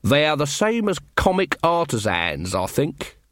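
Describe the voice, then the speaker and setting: A man's voice: a little high, huge pitch swings, a little slow, a bit bright, dry recording, clean studio sound, pitched above the performer's own voice, full character voice. A man voicing an earnest rustic baker. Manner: earnest, putting on old-fashioned talk. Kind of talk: audiobook reading.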